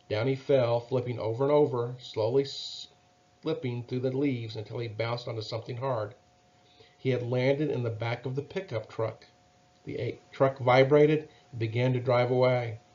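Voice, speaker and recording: A man reading a children's Bible story aloud in a gentle, measured way. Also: mid-range voice, steady tone, lo-fi sound.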